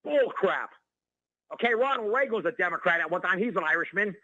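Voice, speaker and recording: A male caller rants on a talk radio show, his voice high and quick. It sounds bright and sharp, dry and close. The sound is dull and lo-fi, like a phone line. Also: no room sound. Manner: ranting, excitable, repeats the host's name. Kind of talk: heated call-in rant.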